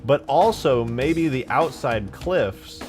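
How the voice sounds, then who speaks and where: A young man chatting casually on a live stream while modding a game, laid-back, breaking into animated storytelling. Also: mid-range voice, slow, soft background music. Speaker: streamer and modder.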